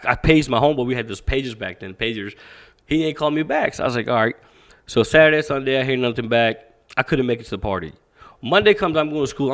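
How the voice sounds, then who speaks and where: Animated man telling a story, swearing freely. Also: mid-range voice. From Pakistan. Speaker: podcast guest, boxing coach. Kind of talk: casual storytelling.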